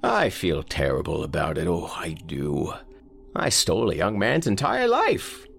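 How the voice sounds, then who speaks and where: An actor voicing a frail, haunted old man confessing, with a raspy voice and a slow, pleading delivery. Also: low voice, huge pitch swings, fairly bright tone, slight background noise, full character voice. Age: older.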